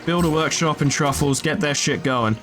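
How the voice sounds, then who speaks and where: A man whose voice is on the high side casually commentates a strategy game playthrough at moderate pace, with music playing in the background. As a gaming video host doing a let's play, he jokes, swears, and chats to his units.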